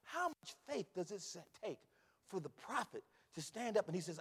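A male pastor preaching a sermon, swinging from hushed asides to shouted calls. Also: high-pitched, sing-song, normal speed, breathy edge, long reverb tail.

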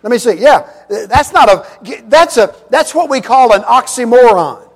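High-voiced preacher in an echoing hall. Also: male voice, expressive, unhurried. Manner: emphatic, repetitive preaching with humor. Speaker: pastor. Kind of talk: sermon. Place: church sanctuary. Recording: long reverb of a church hall.

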